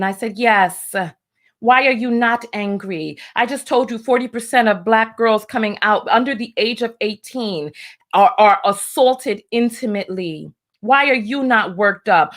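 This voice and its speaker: Woman host, fiery blunt live-stream commentator, slightly high voice, riled up. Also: a bit bright. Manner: fiery, blunt, reads viewer comments aloud. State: riled up early in the morning.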